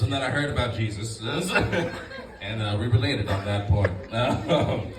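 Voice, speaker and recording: Comedian, male, smooth announcer-like voice, relaxed and halting, lively pitch, roomy club sound from off mic, loud crowd laughter. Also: distant mic, very noisy. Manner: laid-back, halting delivery with many fillers. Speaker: stand-up comedian. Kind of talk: stand-up set. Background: audience laughing.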